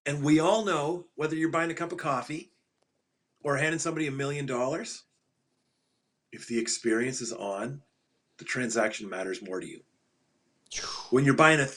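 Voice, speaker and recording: On a podcast, a middle-aged man who works as a financial advisor spins lively interview anecdotes in a voice on the high side. He talks fairly quickly with animation and a somewhat bright tone, stressing key moments, saying his punchlines twice, and chuckling at his own humor.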